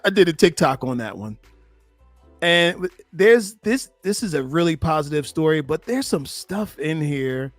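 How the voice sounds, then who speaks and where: A relationship coach and host gives animated live-stream commentary on video clips, repeating himself as he urges viewers to hit like. His voice is fairly high and the recording is dry.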